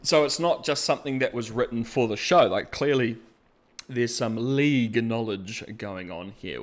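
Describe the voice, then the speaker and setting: A man hosting a video, giving casual reaction commentary in an animated, incredulous and jokey way. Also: medium pitch. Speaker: video essay host.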